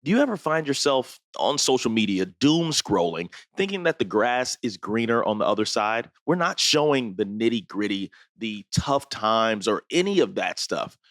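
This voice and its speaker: Man reading an ad, lively and dry. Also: on the low side, moderate pace, hardly any pauses, dry recording. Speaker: podcast co-host reading an ad. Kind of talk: host-read sponsor ad.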